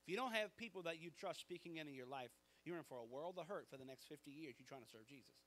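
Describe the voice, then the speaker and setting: Male pastor, fairly high voice, lively storytelling sermon. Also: quick pace. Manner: animated, conversational storytelling.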